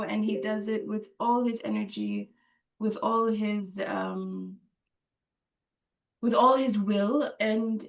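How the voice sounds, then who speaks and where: Woman telling a story, laughs a lot, lots of ums, kinda far from the mic. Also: medium pitch. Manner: emotional, laughing, many fillers and restarts. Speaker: interview guest. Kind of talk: personal storytelling.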